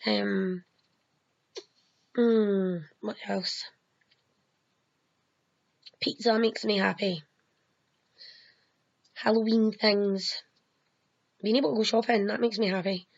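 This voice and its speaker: A woman in her thirties talks slowly to camera, her voice gravelly with fry. She pauses on frequent ums and swears bluntly now and then. The home recording sounds dull and lo-fi. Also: medium pitch. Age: 30s. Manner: halting, frequent ums, swears when heated. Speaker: vlogger. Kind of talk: answering questions to camera.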